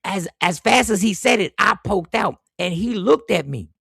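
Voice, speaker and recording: A man's voice: sits high, moderate pace, gravelly, breathy edge, dry recording, clean studio sound. A man hosting a podcast, telling a work story in casual, profane chat and acting out the people he quotes. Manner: profane, animated storyteller, acts out quoted voices. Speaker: podcast host.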